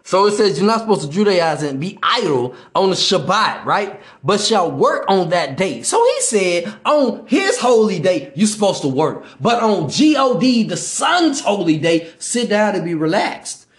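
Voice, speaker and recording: Slangy animated male podcast preacher. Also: high voice, roomy sound. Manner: preachy, repeats "right?", reads aloud with stumbles; slangy street speech. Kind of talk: informal religious teaching.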